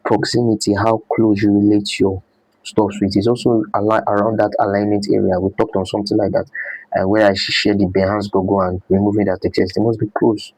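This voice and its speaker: A man teaches a design class in a low, husky voice. He repeats key points and throws questions back at his students. The sound is dry and close. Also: level tone, a little fast, darkish tone, no echo, poor audio. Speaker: design instructor. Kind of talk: live class lecture.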